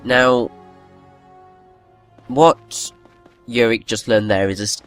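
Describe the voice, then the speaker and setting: A man's voice: mid-range voice, fairly even intonation, slow pace, a bit bright. A man giving casual, rambling commentary while playing a video game, often restarting sentences and poking fun at himself. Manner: chatty, rambling, with frequent restarts and self-mocking asides. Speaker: gaming video host. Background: game music.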